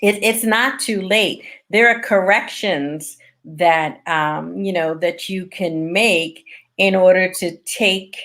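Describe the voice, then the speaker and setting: A woman's voice: fairly low pitch, slow pace, a bit bright. A woman hosting a talk show, speaking in an encouraging, motivational way with frequent fillers. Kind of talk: casual conversational interview.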